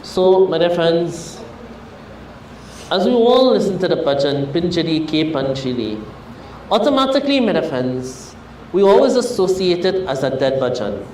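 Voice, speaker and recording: A man's voice: sits high, big pitch swings, normal speed, darkish tone, a little hiss or hum, poor audio. A man with a Trinidadian accent speaking at a funeral service, telling a parable and often addressing his listeners as his dear friends. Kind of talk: storytelling sermon at a Hindu funeral.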